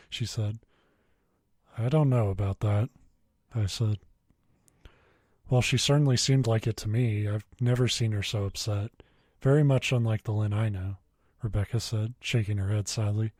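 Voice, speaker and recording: A man's voice: on the low side, a little mellow, dry recording, studio quality. A man co-hosting a podcast, chatting loosely, swearing and laughing, and reading a horror story aloud in a plain voice. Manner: swears freely, laughs often, reads quoted dialogue plainly. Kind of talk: casual chat and story reading.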